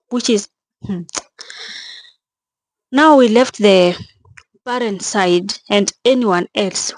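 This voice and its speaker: Slow, tearful young woman vlogger. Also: medium pitch, no room sound. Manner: halting, repeating phrases, audibly shaken. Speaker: travel vlogger. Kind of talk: emotional vlog narration.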